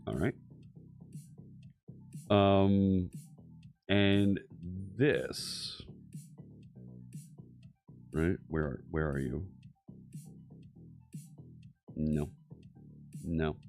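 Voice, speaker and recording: A man's voice: low-pitched, steady tone, very slow, pauses often, a little mellow, dry recording, soft background music. A man hosting a live coding stream, chatting casually and thinking aloud with frequent fillers and restarts.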